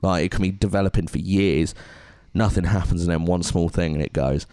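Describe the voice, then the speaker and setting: A low-voiced English man co-hosting a casual podcast. He talks earnestly and rambles, restarting his sentences. The sound is dry and close to the mic. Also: steady tone, brisk, dark tone, clean tone, no echo. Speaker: podcast co-host.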